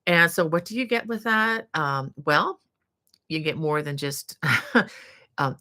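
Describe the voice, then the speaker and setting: A woman's voice: sits low, bright, forceful tone. Chatty woman hosting a live stream. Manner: chatty, reads viewer comments aloud, many fillers. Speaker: crochet channel host. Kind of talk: casual live-stream chat.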